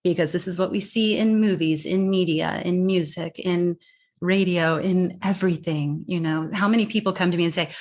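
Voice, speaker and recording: Lower-pitched woman, quick emphatic coach. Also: darkish tone. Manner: quick, emphatic, restarts words, voices her clients' lines. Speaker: communication coach and author. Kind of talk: interview conversation.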